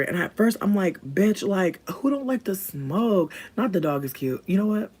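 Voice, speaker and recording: A woman chatting casually with her livestream viewers, cursing constantly and jumping into high squeals. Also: lively intonation, fairly quick, hardly any pauses, dark tone, slight background noise.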